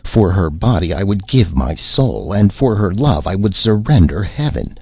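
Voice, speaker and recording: A man's voice: low voice, very animated, normal speed, creaky, a little mellow, breathy edge, no echo, lo-fi sound, exaggerated voice. A man voicing a grieving young fisherman in love, pleading in earnest archaic speech.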